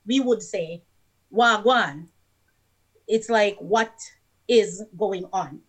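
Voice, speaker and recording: A woman's voice: medium pitch, drawn-out words. Jamaican woman explaining her dialect. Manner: explanatory, patient, sing-song rhythm. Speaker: guest. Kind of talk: casual language chat.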